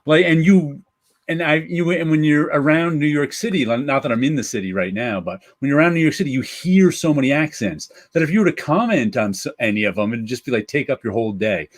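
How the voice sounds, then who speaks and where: A man's voice: fairly high pitch, animated, a little fast. A man co-hosting a casual show, telling stories in a loose, rambling way. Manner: rambling, loose storytelling with restarts. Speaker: co-host. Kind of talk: casual chat.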